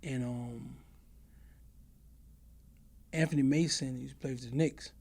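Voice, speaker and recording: With a gravelly, slightly mellow voice at medium pitch, a middle-aged man takes his time as an interview guest, casually telling stories about his earlier life. His intonation stays fairly even as he imitates the people involved and frequently asks "you know what I mean".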